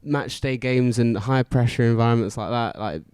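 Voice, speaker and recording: A man interviewing a guest in a relaxed, hesitant way, with many fillers. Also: mid-range voice, moderate pace, clear, resonant tone, dry recording, clean studio sound. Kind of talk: casual chat.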